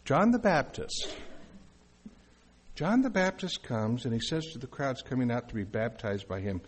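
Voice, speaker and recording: Husky, lively-voiced male pastor preaching. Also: medium pitch, normal speed. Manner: conversational preaching with asides to the congregation. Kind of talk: sermon.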